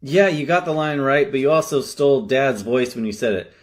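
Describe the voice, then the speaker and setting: A man's voice: mid-range voice, expressive, fairly quick, close to an everyday voice. A man playing a frustrated director who scolds AI actors with sarcastic commentary. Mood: exasperated. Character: exasperated director of an AI horror shoot.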